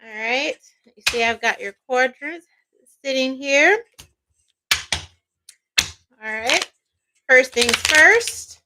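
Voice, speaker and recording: A woman's voice: high-pitched, expressive, takes it slowly, long pauses, background noise. A woman giving a casual tarot reading as a psychic, chatty and peppered with "all right" and "okay".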